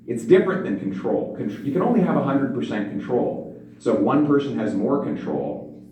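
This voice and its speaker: A man giving a campaign speech, rhetorical and emphatic, softening into quiet storytelling. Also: medium pitch, sing-song, normal speed, a little hiss or hum. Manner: rhetorical, builds to emphatic points then drops to a quiet storytelling tone. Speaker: politician giving a stump speech. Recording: echoey room, distant mic.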